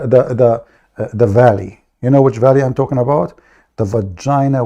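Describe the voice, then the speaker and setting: A combative livestream host with a medium-pitched, gravelly, warm voice launches into a heated rant, aggressive, mocking and insulting throughout.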